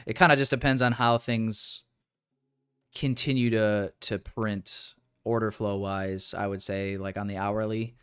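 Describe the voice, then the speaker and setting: A man's voice: on the low side, fairly even intonation, measured pace, a bit bright, clear, resonant tone. A young man talking casually through a live trading stream, rambling with restarts and sounding frustrated. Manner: frustrated, rambling, restarts, calls viewers boys. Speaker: day trader streaming live.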